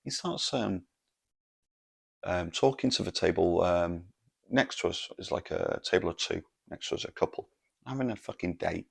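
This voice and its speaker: Host, man, low gravelly voice, exasperated, swears constantly. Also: animated, moderate pace. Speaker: podcast host. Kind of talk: solo comedic podcast rant.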